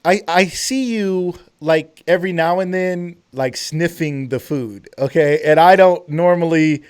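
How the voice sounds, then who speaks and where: A man's voice: on the high side, measured pace, smooth. A man hosting a live cooking stream, joking, teasing and quizzing his chef guest. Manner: playful, joking, excitable. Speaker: host.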